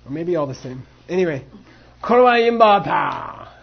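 A man's voice: a little high, expressive, normal speed, dull audio. A man teaching a class on monastic debate, acting out both sides and mixing in Tibetan phrases. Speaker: Buddhist philosophy teacher.

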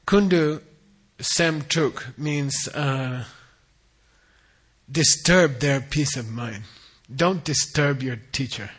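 A middle-aged man teaching Buddhist tradition, explaining terms slowly and often checking in with "okay?". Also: medium pitch, a bit bright, husky. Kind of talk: dharma teaching.

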